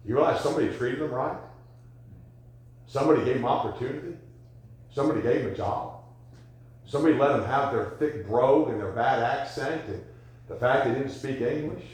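A man preaching a sermon, telling folksy stories and rising to loud, emphatic questions. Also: mid-range voice, a little fast, pauses often. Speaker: pastor. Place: church sanctuary. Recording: echoey church sanctuary.

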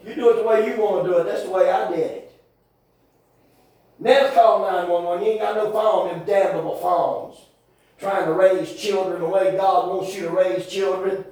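A man preaching a folksy, rambling sermon with sudden shouted bursts in a church. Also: high voice, fairly even intonation, normal speed. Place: church hall. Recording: very echoey church from far off.

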